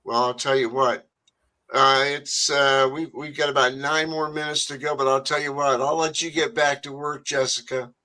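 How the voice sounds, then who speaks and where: A man's voice: mid-range voice, fairly even intonation, normal speed, pushed and bright, poor audio. A man hosting a talk radio show, rambling and chatty with many fillers.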